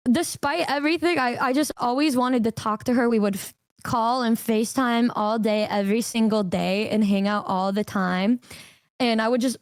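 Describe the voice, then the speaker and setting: A young woman telling a long personal story on a stream, animated and swearing casually, jumping into a higher voice for quotes. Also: normal speed, clean tone, dry recording, studio quality.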